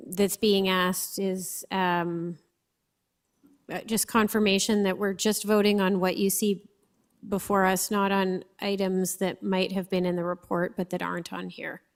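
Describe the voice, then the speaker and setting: Woman chairing the board meeting, polite and procedural, mid voice. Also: mid-range voice.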